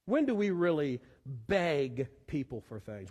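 Pastor preaching in a church, fairly high voice, long hall echo, animated and pleading. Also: male voice, a little slow, few pauses, breathy edge. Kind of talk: sermon. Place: church sanctuary.

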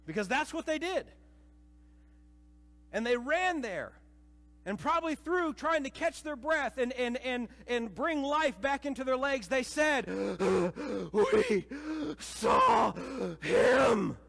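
A man preaching a sermon to a church congregation, dramatic, swinging between hushed and loud passages and acting out voices. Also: extremely high pitch, expressive, a little slow. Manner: acts out quoted voices. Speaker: pastor. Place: church sanctuary. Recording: reverberant church hall.

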